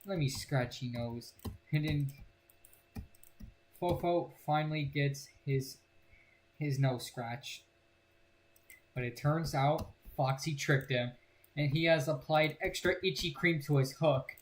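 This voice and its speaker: A man's voice: a little high, takes it slowly, long pauses. A young man in casual gameplay commentary, playful and rambling as he jokes about the characters on screen. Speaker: gaming channel host.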